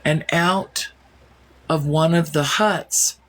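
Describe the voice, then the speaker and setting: A woman's voice: low voice, steady tone. A woman telling a story in a casual, wondering way, often restarting her sentences. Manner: slow, wondering, full of restarts.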